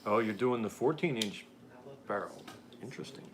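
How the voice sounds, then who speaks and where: A man's voice: on the low side, lively intonation, normal speed, background noise. An American man hosting a casual live-stream chat, reading viewer comments aloud and laughing often. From United States. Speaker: podcast host.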